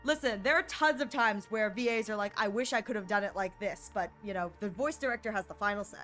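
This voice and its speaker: A woman streamer chatting casually on a game stream, animated and giggly, with playful mock voices. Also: medium pitch, quick pace, faint music behind.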